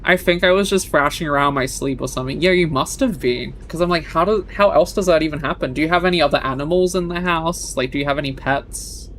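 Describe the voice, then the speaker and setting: A young woman streaming a game and chatting casually with her viewers, bubbly and talkative, often trailing off with quick laughs. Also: low voice, fairly bright tone, a little hiss or hum. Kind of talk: casual live-stream chat.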